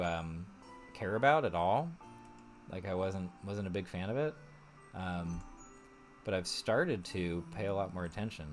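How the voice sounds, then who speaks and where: A man hosting a casual live stream, chatting in a rambling way, thinking aloud with many fillers and frequent laughs. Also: fairly low pitch. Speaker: streamer host.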